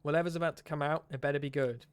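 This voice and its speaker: A man streaming, reading a game's story aloud with expressive narration and wry asides. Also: a little high, very fast, clean tone, no room sound.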